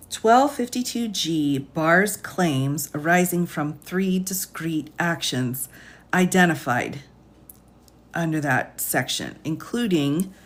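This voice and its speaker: A woman with a lowish voice reads a legal filing aloud on a live stream and comments as she goes. She takes her time, breaks long sentences apart and rereads them. She cuts in with sighs and disbelieving questions. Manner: incredulous, interrupts her reading with sighs and "what?". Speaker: attorney.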